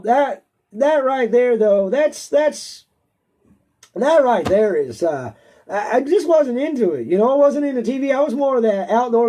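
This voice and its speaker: A man's voice: very high-pitched, darkish tone. A man with a stuffy nose, a host chatting casually and answering viewer questions, rambling and laughing often. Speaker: auctioneer.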